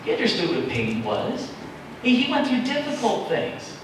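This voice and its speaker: A man's voice: sits high, wildly swooping pitch, normal speed, background noise. A male pastor preaching a sermon, acting out prayers in a raised, pleading voice. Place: church sanctuary. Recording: echoey church hall, mic at a distance.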